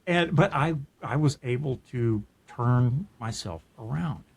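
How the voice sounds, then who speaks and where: Middle-aged male podcast host, earnest and reflective, mid-pitched, casual storytelling. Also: expressive, a little slow, creaky, husky. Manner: earnest and reflective, with frequent restarts. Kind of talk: personal storytelling in casual chat.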